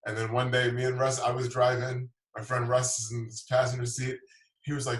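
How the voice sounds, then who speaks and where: A man's voice: medium pitch, flat delivery, fairly quick, roomy sound, distant mic, poor audio. A man telling a long, rambling story in casual chat, swearing freely and repeating himself as he goes. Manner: rambling, profane, repeats words.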